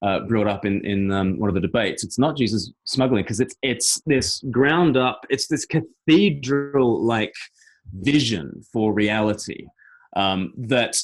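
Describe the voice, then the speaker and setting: Animated rambling pastor, man. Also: fairly low pitch. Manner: animated, rambling, laughs often. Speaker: pastor and evangelist. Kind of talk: casual video-call conversation.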